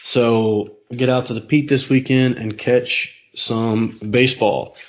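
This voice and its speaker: Male podcast co-host, relaxed and easygoing, reading off stats, slightly muffled recording. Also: medium pitch, slow pace. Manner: relaxed, reads scores and schedules. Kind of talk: casual sports podcast chat. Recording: slightly dull lo-fi sound.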